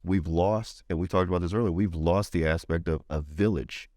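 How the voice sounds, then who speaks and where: A man's voice: moderate pace, dry recording, clean studio sound. A middle-aged man telling a story in an interview, acting out the voices of the people in it. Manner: animated storyteller, acts out quoted voices higher. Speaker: veteran advocate guest.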